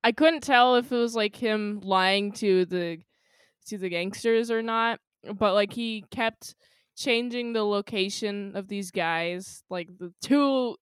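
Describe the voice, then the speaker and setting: A woman guest on a movie podcast talks about a film in a loose, casual way. Her voice is smooth and clear and sits at a middle pitch. The sound is dry and close, and she gets animated when she acts out lines from scenes. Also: slow, no echo. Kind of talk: casual chat.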